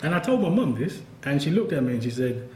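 A professor with a fairly high, darkish voice speaks quickly and with big pitch swings during a conversational book-event talk. Candid and wry, he laughs often. Slight background noise sits within the roomy hall sound.

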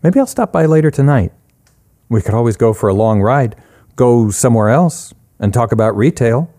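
Brief: a man voicing a young woman, teasing and dry, pitched up, mellow tone. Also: lively intonation, moderate pace, natural voice. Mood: wry. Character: weary young woman, wry, restless drifter.

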